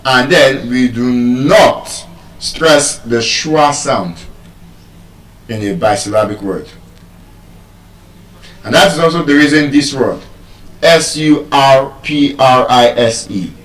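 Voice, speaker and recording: Casting note: Nigerian man giving a slow, measured public-speaking lesson, recorded far from the mic in an echoey room. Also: medium pitch, a bit bright. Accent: Nigerian English. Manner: slow, deliberate, spells out letters. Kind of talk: lecture on word stress.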